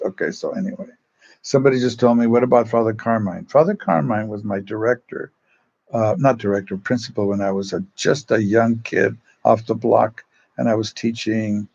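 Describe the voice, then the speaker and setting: An older man, a priest, telling stories in a casual, rambling way, often pausing to search for names and acting out the voices of people he quotes. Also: on the low side, vocal fry, a little mellow, dull audio. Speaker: Salesian priest. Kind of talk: casual storytelling.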